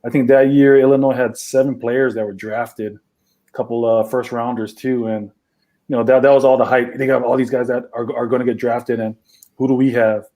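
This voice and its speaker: Mellow-voiced man from Hawaii. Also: mid-range voice, a little fast. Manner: relaxed, many fillers, acts out phone calls. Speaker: guest, former football player. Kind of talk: casual interview chat.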